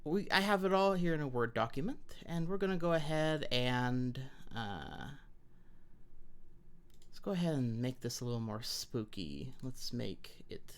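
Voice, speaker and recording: An American woman chats playfully on a live stream, greeting her viewers by name while wearing headphones. Her voice is extremely low in pitch, expressive, and measured in pace.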